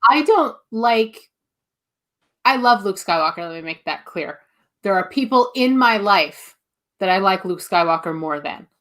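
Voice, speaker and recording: A woman's voice: mid-range voice, lively intonation, unhurried, a bit bright. A woman co-hosting a live fan show, wry and emphatic in casual chat. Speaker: co-host.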